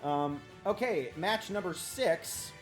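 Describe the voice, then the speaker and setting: A man with a Wisconsin accent hosting a live-streamed tournament, chatting with viewers and calling the matches play by play, getting excited as the action builds. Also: sits high, slow, faint music behind. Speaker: tournament host and commentator.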